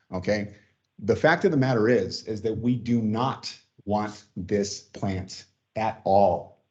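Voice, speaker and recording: A man's voice: lowish voice, darkish tone. A man giving an emotional public comment at a water board meeting, repeating himself as he pleads. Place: meeting room. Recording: dull lo-fi meeting audio.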